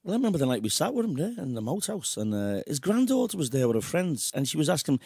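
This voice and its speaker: Male interviewer, husky, expressive intonation, casual chat. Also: on the high side, quick pace, dry recording, studio quality. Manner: reminiscing, friendly banter. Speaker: interviewer, host.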